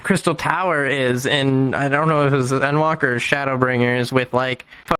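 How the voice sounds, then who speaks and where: Male co-streamer, smooth mid voice, blunt and teasing, dry mic, faint music behind. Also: mid-range voice, steady tone, moderate pace, fairly bright tone, no room sound, rough recording. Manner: blunt, swears freely, teasing. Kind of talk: casual chat.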